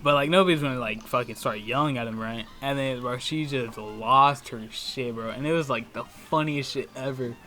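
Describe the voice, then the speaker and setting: A man's voice: medium pitch, normal speed, few pauses, bright, forceful tone, faint music behind. A man telling a story casually, swearing a lot and full of slang and tag questions. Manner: profane, slangy, constant "right?" and "bro".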